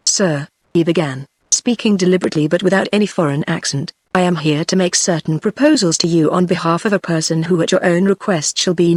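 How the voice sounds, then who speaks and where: A woman with a British accent, reading a classic novel aloud as a text-to-speech audiobook narrator in an even, steady way. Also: on the low side, no room sound, clean studio sound.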